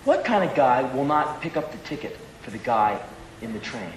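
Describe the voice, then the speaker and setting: A male stand-up comedian telling a long, profane, rambling story in an animated way to a live audience. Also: medium pitch, moderate pace, reverberant, slight background noise, low-quality recording.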